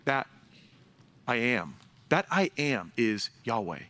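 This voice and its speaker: Lively, bright-voiced male preacher. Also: mid-range voice, takes it slowly. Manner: lively, conversational preaching with asides and jokes. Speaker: pastor. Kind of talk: sermon.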